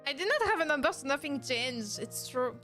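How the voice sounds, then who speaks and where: High-voiced French woman streamer. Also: very animated, brisk, pushed and bright, soft background music. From France. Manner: playful, mixes in French words, laughs often. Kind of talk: casual live stream chat.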